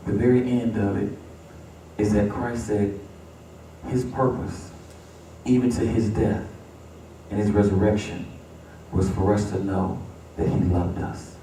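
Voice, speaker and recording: A man's voice: lowish voice, little pitch movement, a little slow, long pauses, warm tone. A man preaching from the pulpit in a heavily echoing church, his voice carrying from some distance away. He builds to emphatic repeated refrains as he talks to the congregation. There is a faint hum of room sound behind him. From United States. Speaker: pastor. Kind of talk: sermon. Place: church sanctuary. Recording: echoey church, distant mic.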